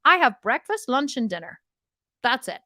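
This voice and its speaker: Woman, diet coach, live Q&A, blunt, laughs a lot, swinging pitch, dry close mic. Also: big pitch swings, normal speed, pushed and bright, no room sound. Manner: blunt, laughs often, swears jokingly. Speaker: diet coach answering viewer questions. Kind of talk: live Q&A, casual and direct.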